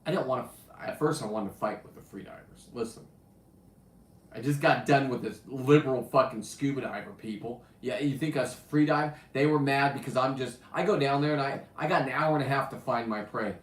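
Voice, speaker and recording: Speaking fairly quickly in an echoey room, a man with a mid-range voice hosts a show full of crude diving anecdotes. He's brash and boastful, alternating loud bursts with mutters as he casually swears his way through the stories.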